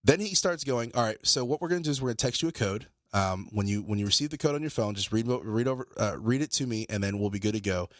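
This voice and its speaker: Fast-talking low-voiced man telling a story. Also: no room sound, studio quality. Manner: animated, swearing, acts out both sides of phone calls. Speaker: podcast co-host. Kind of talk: casual storytelling.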